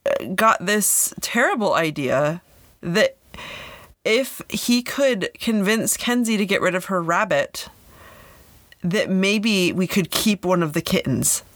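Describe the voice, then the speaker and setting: A woman's voice: medium pitch, slow, no room sound. A woman in her thirties co-hosting a casual podcast from a small closet, telling a story and acting out what others said. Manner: animated storyteller, acts out quotes. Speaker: podcast co-host. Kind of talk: casual chat.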